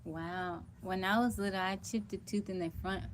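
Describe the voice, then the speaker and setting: A middle-aged woman runs a casual livestream from home on a phone mic, greeting viewers by name while sounding tired and weak. Her voice is medium-pitched and fairly even, at a moderate pace, with slight background noise.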